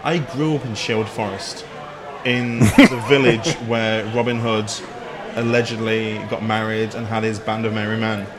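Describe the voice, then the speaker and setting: A man's voice: lowish voice, steady tone, moderate pace, a crowd in the background. A man from England with a northern English accent, chatting as a guest and joking a lot. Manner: joking, laughs often. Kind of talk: casual chat.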